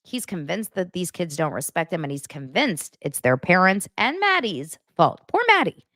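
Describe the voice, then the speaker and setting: A woman's voice: fairly low pitch, very animated, normal speed, fairly bright tone, dry recording, studio quality. A woman hosting a pop-culture commentary show, ranting in a blunt, sarcastic, exasperated way. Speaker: host.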